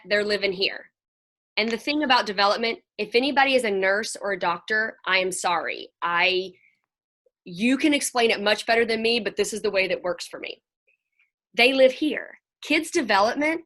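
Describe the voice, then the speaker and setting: A middle-aged woman counselor gives a chatty, folksy talk over a video call. She sometimes slips into children's voices as she tells her stories. Her voice sits on the higher side and sounds bright and forceful. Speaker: counselor and play therapist.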